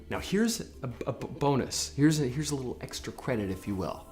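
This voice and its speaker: Energetic man coaching public speaking. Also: mid-range voice, fairly quick, hardly any pauses. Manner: energetic, repeats words, acts out chanted affirmations. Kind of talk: motivational talk to camera.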